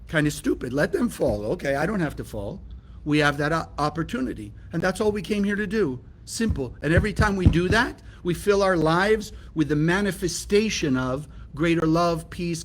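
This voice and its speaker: A man from California teaching a spiritual lesson, emphatic and often asking his listeners rhetorical questions. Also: on the high side. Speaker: Kabbalah teacher.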